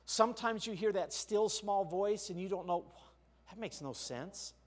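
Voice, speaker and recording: An older male pastor preaching a sermon, telling a personal story with sharp shifts between quiet and loud. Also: high voice, a little slow. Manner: storytelling, with big swings of loudness.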